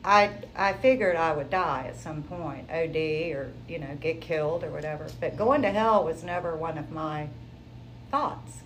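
A woman sharing her personal testimony in an interview, telling it in a lively, conversational way. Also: deep voice, normal speed, slight background noise, poor audio. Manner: animated, conversational storytelling.

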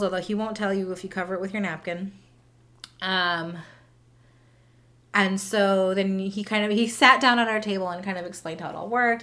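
A woman's voice: mid-range voice, a bit bright. A young woman co-hosting a podcast, chatting casually and telling stories with lots of "like" and "um". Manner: chatty storyteller, filler words like "like" and "um". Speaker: podcast co-host. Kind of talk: casual chat.

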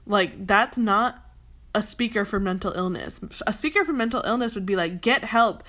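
A woman's voice: medium pitch, normal speed, a bit bright. A young woman ranting heatedly in a commentary vlog, emphatic and swearing often, with a lot of "like" fillers. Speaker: commentary vlogger.

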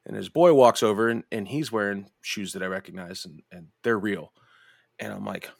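A man hosting a podcast, telling a story in casual chat, profane and animated, jumping into high voices to mimic people. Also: a little fast, vocal fry, no room sound, studio quality. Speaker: podcast host.

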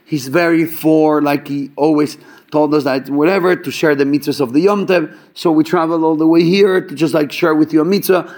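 Man, casual storyteller, slightly high voice, filler-heavy, acts out dialogue. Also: normal speed. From Chabad yeshiva student background. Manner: animated, acts out quoted dialogue, many fillers. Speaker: storyteller at a gathering.

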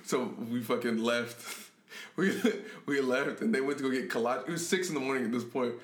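A young man co-hosting a podcast, telling a story in a casual chat, animated, laughing often and swearing a lot. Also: medium pitch, brisk. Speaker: podcast co-host. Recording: echoey room.

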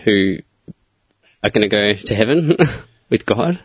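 Low-voiced man, hesitant. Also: animated, a little slow, husky, no room sound. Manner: hesitant, earnest, swearing. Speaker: podcast co-host. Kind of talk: casual chat.

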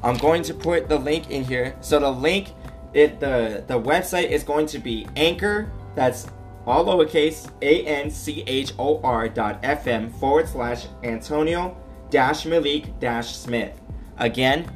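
On his own podcast, a man delivers an earnest solo monologue about his life, repeating himself and tagging lines with "right?" and "okay?" to check in. His medium-pitched voice keeps a measured pace over soft background music.

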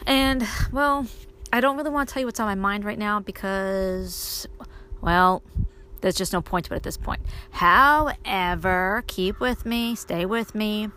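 A woman's voice: mid-range voice, measured pace, pushed and bright, slight background noise. A woman hosting her own podcast, talking casually and rambling with many fillers while outdoors. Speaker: podcast host and indie author. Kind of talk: casual solo podcast monologue.

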